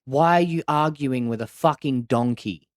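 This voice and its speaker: A man voices a blunt, stern lion king, barking curt commands. His voice is mid-range at a normal speed, pitched above his own natural voice but close to an everyday register. The studio-quality recording has no room sound.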